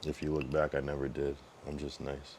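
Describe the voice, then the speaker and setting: A man's voice: a bass voice, completely flat delivery, fairly quick, a little mellow, a little hiss or hum. A young man streaming, talking casually in a blunt, profane, rambling way with many restarts. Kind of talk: casual livestream monologue.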